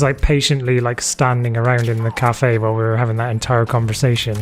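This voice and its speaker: A man's voice: mid-range voice, flat delivery, a little fast, hardly any pauses, soft background music. A man chatting casually while streaming a game, thinking aloud and trailing off. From England. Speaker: gamer streaming a playthrough. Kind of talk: casual gameplay commentary. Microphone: desk mic that keeps disconnecting.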